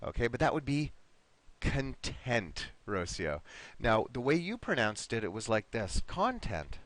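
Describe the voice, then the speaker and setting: A man's voice: medium pitch, sing-song, normal speed, a bit bright. A man teaching an online English lesson, patiently encouraging his students and modeling pronunciation word by word.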